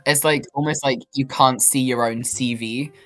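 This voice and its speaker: A woman's voice: extremely low pitch, steady tone, moderate pace, fairly bright tone, faint music behind. A woman guest on a podcast, talking in a chatty, self-deprecating way and acting out quotes. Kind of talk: casual chat.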